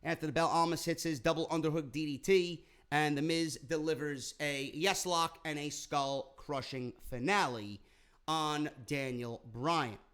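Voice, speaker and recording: A man's voice: fairly high pitch, fairly even intonation, measured pace, a bit bright, clean tone. A man recapping a wrestling show in a casual, sarcastic rant full of swearing. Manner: profane, sarcastic, rambling.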